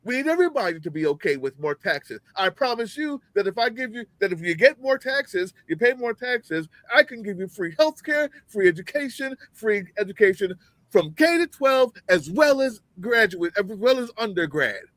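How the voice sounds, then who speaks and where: A man with a high voice delivers a fiery, profane political rant over a video call. He mocks opponents and fires off rhetorical questions. The sound is dry and close, with no room around him. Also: very animated, normal speed, a bit bright, no echo, low-quality recording. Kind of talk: heated political commentary.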